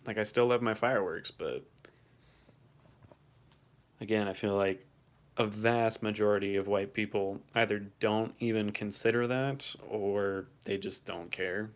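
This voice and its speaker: A man's voice: fairly low pitch, steady tone, a little slow. A young man hosting his first livestream, reading chat and reacting casually, swearing now and then, his voice shaking from the cold.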